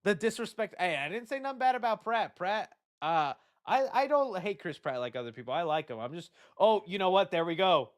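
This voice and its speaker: Animated joking man hosting a live stream. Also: high-pitched, brisk, hardly any pauses, clear, resonant tone. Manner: animated and joking, reads chat aloud. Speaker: host. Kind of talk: casual live-stream chat.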